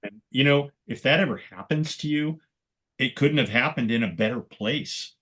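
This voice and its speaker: An older man, a guest photographer, tells stories in conversation with a mid-range voice at normal speed. He's an animated narrator who performs the voices of the people he quotes.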